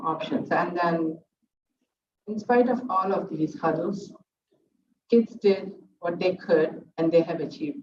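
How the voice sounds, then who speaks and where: A middle-aged dance teacher speaks earnestly at a student's recital, pausing often to collect her words. She is heard from a distance in an echoing room, with a dull, muffled sound and a faint hiss behind her. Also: on the low side. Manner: earnest, halting, with many fillers. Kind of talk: heartfelt speech at a student's recital.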